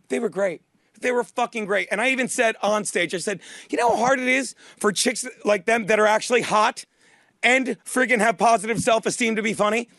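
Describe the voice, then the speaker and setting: Male radio host, very high voice, dry studio sound, rambling profane storyteller. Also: a bit bright, no echo. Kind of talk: crude comedy radio talk.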